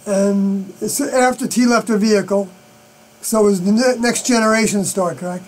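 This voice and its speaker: Man, high voice, rambling solo live-stream talk, halting with fillers, mains hum under it. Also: fairly even intonation, a little mellow, low-quality recording. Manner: halting, many fillers and unfinished sentences.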